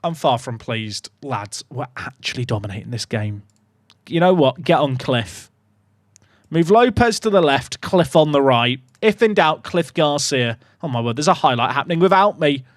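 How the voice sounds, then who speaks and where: A young man streaming a football management game, commentating casually with sarcastic, excitable swings. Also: fairly high pitch, moderate pace, dry recording, clean studio sound. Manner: animated, sarcastic, swings between excitement and mock despair. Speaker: gaming streamer.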